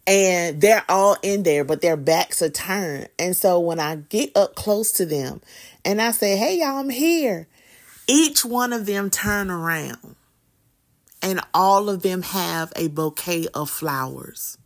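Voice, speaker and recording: A middle-aged woman, telling a personal story in a chatty, animated way as a podcast host. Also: fairly low pitch, slow pace. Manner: animated, chatty, with Southern slang. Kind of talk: casual storytelling monologue.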